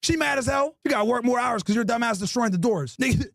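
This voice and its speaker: A man hosting a podcast, loudly and profanely roasting people with mocking, animated comedy. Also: very high voice, quick pace, dry recording, studio quality. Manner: loud, mocking, animated, swears constantly. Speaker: podcast host.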